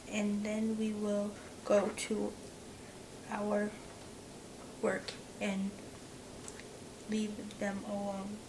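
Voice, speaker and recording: A woman reading the part of a harsh, scheming stepmother in a slow, halting, quiet voice. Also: medium pitch, background noise. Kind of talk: read-aloud story role.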